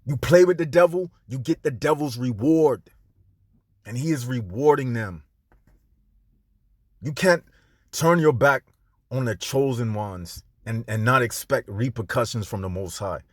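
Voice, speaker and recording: A man hosting his own commentary channel, preaching in an emphatic, scornful way, dropping into a low drawl and then jumping up into sharp outbursts, stretching out stressed words. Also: a little slow, pauses often, dry recording, clean studio sound. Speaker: channel host.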